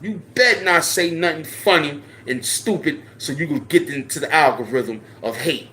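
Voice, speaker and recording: A man hosting his own channel, delivering a profane, confrontational rant straight to the camera. He repeats his dares over and over, dropping to a low mutter and then climbing to loud challenges. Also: moderate pace, slight background noise. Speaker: channel host.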